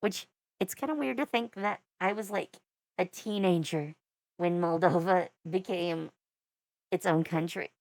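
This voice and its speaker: A woman's voice: fairly low pitch, measured pace, no echo. A woman in her forties giving casual reaction commentary as a VTuber, with wry, rambling asides.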